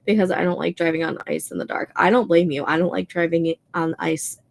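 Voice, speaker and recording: A woman's voice: on the low side, fairly even intonation, brisk, creaky. A young woman with a Minnesotan accent, hosting a writing livestream and chatting casually with lots of fillers. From American Midwest. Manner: chatty, many "like" and "um" fillers, laughs often. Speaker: livestream host reading chat. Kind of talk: casual chat.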